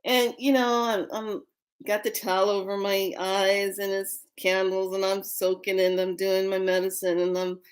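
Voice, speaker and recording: A woman's voice: mid-range voice, flat delivery, normal speed. A woman in her fifties hosting a spiritual livestream, telling a story casually, playful and laughing often. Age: 50s. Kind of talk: casual storytelling to a live audience.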